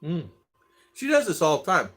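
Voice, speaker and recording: A man's voice: a little high, wildly swooping pitch, moderate pace, a bit bright. A middle-aged man hosting a casual livestream chat, greeting viewers by name in a chatty way. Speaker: livestream host.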